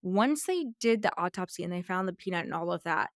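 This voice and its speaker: A woman's voice: lowish voice, expressive, brisk, no echo, studio quality. A woman hosting a podcast interview, talking in a chatty, gushing way with lots of "like" fillers. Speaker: podcast host. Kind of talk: conversational interview.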